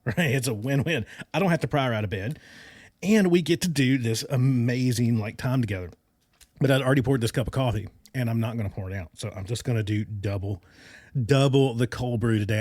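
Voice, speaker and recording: A man hosting his own podcast, chatting casually and enthusiastically into a desk microphone, with lots of fillers and quick laughs. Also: mid-range voice, darkish tone, no echo, studio quality. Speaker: podcast host. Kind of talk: casual solo podcast chat.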